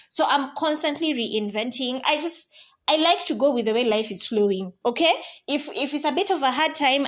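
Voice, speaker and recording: A woman, giving casual life advice to camera in an animated, playful way that softens on serious points. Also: on the high side. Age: 30s. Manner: animated, playful asides, drops to soft tones on serious points. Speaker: vlogger.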